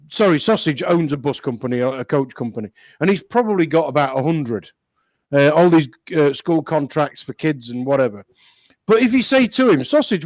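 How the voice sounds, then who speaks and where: Man, higher voice, rambling storyteller, dry recording. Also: no room sound, poor audio. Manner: rambling anecdotal storytelling, chuckling often. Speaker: co-host. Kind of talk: casual chat.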